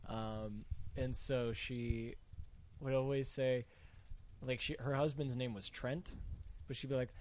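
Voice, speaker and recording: A man's voice: mid-range voice, steady tone, slow, pauses often. Rambling storyteller man from Ohio. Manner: rambling storyteller, laughs through his stories. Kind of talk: casual chat.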